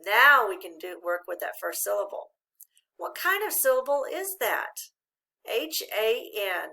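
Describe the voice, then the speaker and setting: A woman teaching a phonics lesson to children, spelling letters out slowly and praising often. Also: a little high, very animated, gravelly, sharp tone. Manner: slow, drawn-out spelling of letters with encouraging praise.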